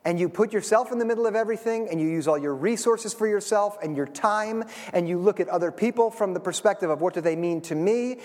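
Pastor, male, high voice, emphatic sermon delivery, church hall echo. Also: quick pace, hardly any pauses, darkish tone. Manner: emphatic, asks the congregation rhetorical questions. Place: church sanctuary. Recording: long hall reverb.

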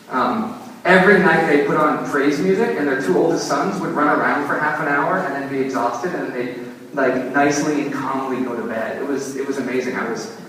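A young man, a pastor, preaching a sermon with lively, self-mocking storytelling. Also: mid-range voice, recorded from a distance, a little hiss or hum. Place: church sanctuary. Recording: echoey church hall, mic from afar.

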